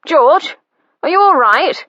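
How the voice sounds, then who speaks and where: A man's voice: very high voice, expressive, slow pace, no room sound, lo-fi sound, pitched above the performer's own voice, full character voice. A woman doing a worried brother calling out. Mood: anxious, calling. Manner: loud, calling out. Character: worried young brother calling through a door.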